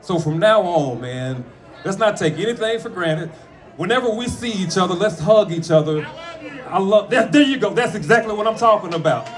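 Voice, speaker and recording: A man, a comedian, speaking at a friend's memorial, mixing funny stories with tribute, animated and profane, with sudden shouts. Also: sits high, moderate pace. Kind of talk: storytelling eulogy with jokes. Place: room with a gathered audience.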